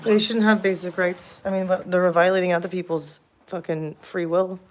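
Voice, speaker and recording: Her voice sits fairly low, with a steady tone and moderate pace. She's a woman in her thirties on a late-night home livestream, ranting bluntly and angrily with lots of cursing while also baby-talking her dog in a cooing voice.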